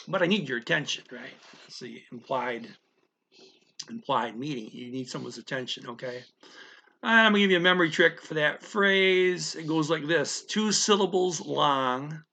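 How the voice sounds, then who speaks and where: A man walks through a language lesson one step at a time. His voice is gravelly and bright, and he keeps checking in with listeners as he explains. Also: mid-range voice. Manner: explains step by step, often checks with "okay?" and "right?". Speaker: language teacher. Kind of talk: casual spoken language lesson.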